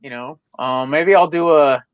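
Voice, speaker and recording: A man's voice: fairly high pitch, moderate pace, clean tone, no echo, narrow, tinny audio. A young man co-hosting a live stream in a casual, laid-back chat, full of fillers and easy laughs.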